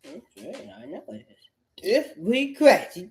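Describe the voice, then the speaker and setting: A woman's voice: on the low side, very animated, a little slow, darkish tone. A woman talking in an agitated, profane, repetitive rambling way. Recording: echoey room.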